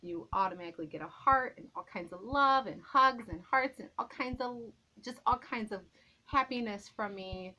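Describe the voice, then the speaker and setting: A woman's voice: on the high side, moderate pace, bright, forceful tone, lo-fi sound. A woman vlogger chatting to camera at home, gushing and repeating herself, a little out of breath. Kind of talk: casual chat to camera. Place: at home, indoors.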